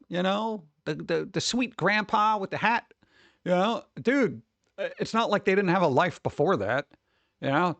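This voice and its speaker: A man streaming casual reaction chat, rambling and joking, breaking into quick put-on voices for his bits. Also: on the high side, creaky, dry recording.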